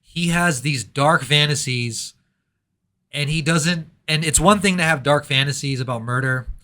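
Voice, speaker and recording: A man's voice: fairly high pitch, a little slow, bright, forceful tone. A man reviewing a horror movie in casual chat, ranting sarcastically with mock outrage.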